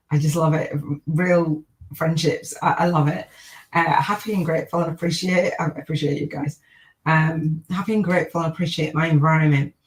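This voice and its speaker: A middle-aged woman hosts a live-streamed podcast, chatting upbeat and rambling while repeating gratitude affirmations. Her voice is low-pitched, and the recording is low quality.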